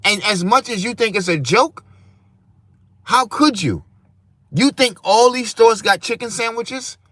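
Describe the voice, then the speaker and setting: A man's voice: sits high, expressive, measured pace, pushed and bright, no room sound. Dry-voiced man ranting to his chat. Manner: preachy, rambling, talks to his chat. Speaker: livestream host. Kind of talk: casual livestream rant.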